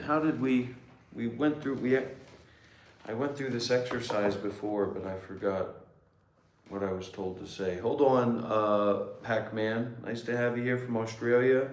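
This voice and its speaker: A man chats on a livestream in a loose, joking way, wandering off and restarting his thoughts. His voice sits at an ordinary middle pitch. The sound rings in a roomy space. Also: steady tone, measured pace. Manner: joking, rambling, restarts often. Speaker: livestream meditation host, former monk. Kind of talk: casual livestream chat.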